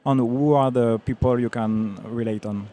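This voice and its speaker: A man on a judging panel asking slow, careful questions. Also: medium pitch, fairly even intonation, mellow. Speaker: panel judge.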